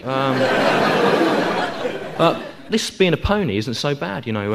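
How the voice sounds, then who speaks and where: A man delivering a deadpan comic monologue, his voice sitting at a middle pitch. He rambles through the story with plenty of fillers. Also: slow, gravelly, pauses often. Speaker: comedian, host of a sketch show. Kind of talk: comic monologue and sketch acting.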